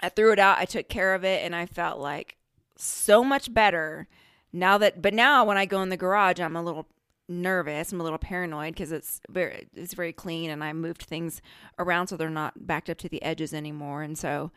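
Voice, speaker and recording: Woman, podcast host, middle-aged, low voice, dry recording, casual animated storytelling. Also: moderate pace, clear, resonant tone, no echo. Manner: animated, laughs often, quotes her own self-talk.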